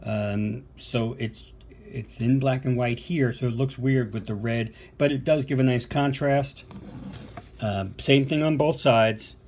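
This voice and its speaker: A man's voice: mid-range voice, steady tone, a little slow, a little mellow, a little hiss or hum. An older American man, a podcast co-host and vinyl collector, talking casually and enthusiastically through a box of records with fillers and asides. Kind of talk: casual unboxing show-and-tell.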